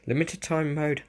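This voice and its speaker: A young man casually reading game patch notes aloud and breaking off into excitable comments. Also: on the high side. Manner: casual, excitable asides between read-out notes. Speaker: gaming video creator.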